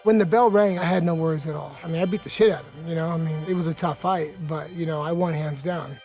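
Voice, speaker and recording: A man's voice: on the high side, fast. A man, a fighter, recounting a brawl in a candid interview, blunt and profane, laughing at himself. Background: background music.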